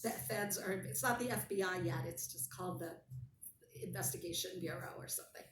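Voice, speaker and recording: A woman guest telling a story in casual conversation, animated and wry. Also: on the low side, a little fast, a little hiss or hum. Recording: roomy, distant mic, faint ambience.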